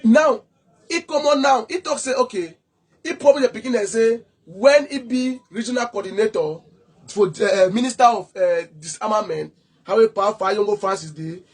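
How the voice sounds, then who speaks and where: Speaking at a moderate pace in a high, slightly rough voice, a man with a Cameroonian Pidgin English accent addresses the camera directly. He's an activist, fiery and accusing in tone, who frequently stumbles over repeated words.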